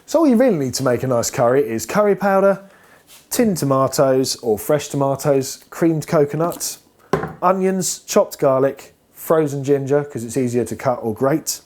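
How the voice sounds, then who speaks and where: A man's voice: mid-range voice, animated, normal speed. A man hosting a cooking video, talking casually and playfully while he cooks in a home kitchen. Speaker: cooking show host. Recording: clear frying noise behind voice. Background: frying and sizzling pan sounds.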